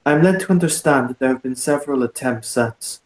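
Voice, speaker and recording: A pompous, courtly bishop who weighs each word and speaks with careful formality, as a game master puts him on. His speech is slow, polite and controlled, with a foreign lilt. The sound is a little roomy. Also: mid-range voice, close to an everyday voice. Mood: courtly, measured. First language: not English. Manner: measured, formal, choosing words with care.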